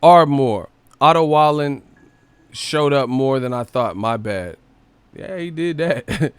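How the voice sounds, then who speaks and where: A man's voice: medium pitch, slow, clean tone, no room sound. A man hosting a live stream, ranting casually about boxing with a lot of swearing. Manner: profane, ranting, animated.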